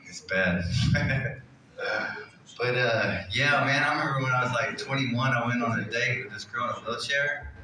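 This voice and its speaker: A man doing stand-up, drawling through a rambling story at an ordinary pitch. His voice is heard from across a very echoey club room. Crowd noise sits clearly behind him. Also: moderate pace, sharp tone, far from the mic. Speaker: stand-up comedian. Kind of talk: stand-up comedy. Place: comedy club stage.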